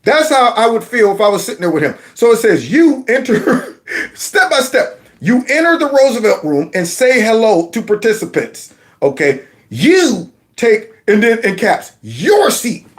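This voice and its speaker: A man's voice: sits high, sing-song, moderate pace. A man reacting to video clips, laughing, teasing and mocking what he watches. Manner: laughing, teasing, does mock voices.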